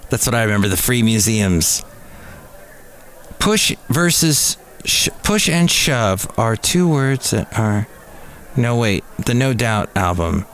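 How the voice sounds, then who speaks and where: A man's voice: lowish voice, expressive, slow, fairly bright tone, a little hiss or hum. A man in his fifties hosting a casual solo podcast from a café. He rambles through the news with self-deprecating asides. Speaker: podcast host. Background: faint background music.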